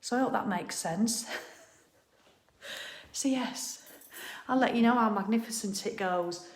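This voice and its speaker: A middle-aged woman with a fairly high voice speaks a little slowly as she hosts a live stream from her living room. The casual chat with viewers is cheerful and blunt, sprinkled with laughs and mild swearing.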